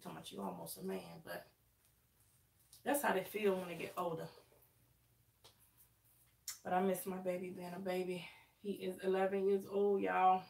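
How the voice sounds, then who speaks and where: Woman, thirties, chatty livestream host, gravelly voice, roomy echo, sits back from the mic. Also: on the low side, steady tone, moderate pace, pauses often, a little mellow. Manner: chatty, addresses viewers as y'all, dialect grammar. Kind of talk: casual live chat while doing her hair. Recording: echoey room, mic at a distance.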